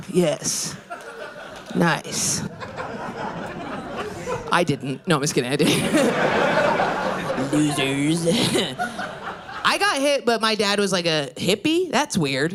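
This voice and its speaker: Young female comic from upstate New York, brash, very animated delivery with shouted high bits, live club recording with crowd noise. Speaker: stand-up comedian. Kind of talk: stand-up comedy set. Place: comedy club stage. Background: audience laughter and applause.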